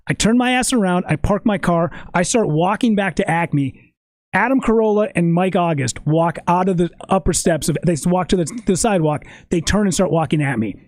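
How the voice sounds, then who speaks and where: High-voiced profane man telling stories. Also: dry recording. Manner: animated, profane storytelling. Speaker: podcast guest. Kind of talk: casual storytelling chat.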